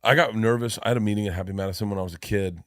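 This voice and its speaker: Man, casual podcast chat, rambling self-deprecating stories, low voice, dry recording. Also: very fast, fairly bright tone, dry recording. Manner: rambling, self-deprecating storytelling with many restarts. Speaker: comedian guest.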